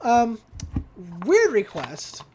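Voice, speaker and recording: A woman's voice: fairly high pitch, extremely slow, slight background noise. A woman casually recapping a cartoon episode, acting out the characters' lines with frequent laughs. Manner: animated retelling, acts out quotes, laughs often.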